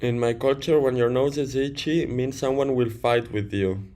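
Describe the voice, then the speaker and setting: Brief: man, livestream trader, plain mid pitch, casual and blunt, swears freely while answering chat. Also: steady tone, normal speed, a little mellow. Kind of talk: casual livestream chat reading viewer comments.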